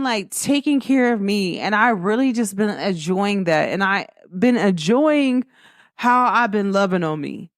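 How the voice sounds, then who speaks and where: Her voice sits a little high and her pace is a little slow as the young woman leads an easygoing spiritual pep talk. She animates her stories with acted-out quotes and plenty of laughter. The audio is clean studio sound with no room tone.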